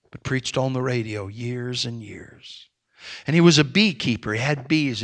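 A Baptist preacher delivering an impassioned sermon, swinging between near-shouted exhortation and hushed storytelling. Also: male voice, medium pitch.

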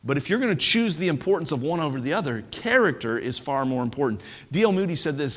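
A man preaching a sermon as pastor, animated and conversational, often stumbling over restarts as he talks. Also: high voice, moderate pace, big-room sound. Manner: animated preaching with stammered restarts and playful impressions.

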